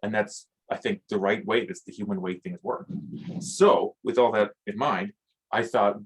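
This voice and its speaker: A man with a somewhat low voice speaks in a reflective conversation, thinking aloud as he goes. He hesitates often, filling gaps with small sounds before finding his words. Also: fairly even intonation, moderate pace, breathy edge, rough recording. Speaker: podcast host.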